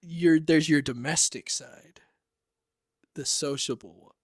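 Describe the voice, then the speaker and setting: A man's voice: fairly high pitch, slow, no echo, clean studio sound. A man co-hosting a podcast in casual chat, joking and laughing often. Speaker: podcast co-host.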